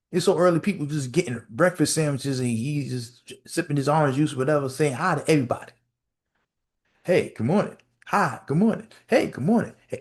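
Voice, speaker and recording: A male podcast host telling a story in a casual, animated rant, repeating phrases and acting out quotes. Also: on the high side. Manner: animated storytelling with lots of repetition and acted-out quotes.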